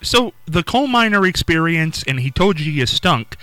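A man interviewing a guest, asking questions in a halting way that repeats words. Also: fairly high pitch, big pitch swings, bright, forceful tone, dry recording.

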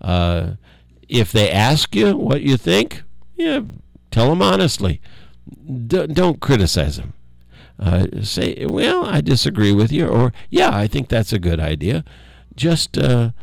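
An older man giving a rambling, folksy local monologue, halting with many fillers and frequent chuckles. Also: lowish voice, vocal fry, a little mellow, no echo.

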